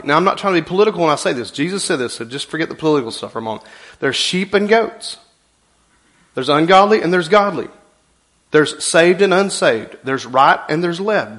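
High, lively pastor preaching. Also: male voice, normal speed. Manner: emphatic, rising and falling preaching delivery. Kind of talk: sermon.

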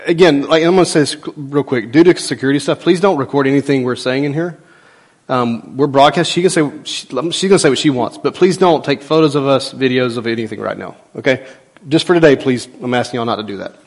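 A man, a pastor giving a folksy, emphatic sermon in church and swinging between loud and soft. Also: medium pitch, brisk. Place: church sanctuary.

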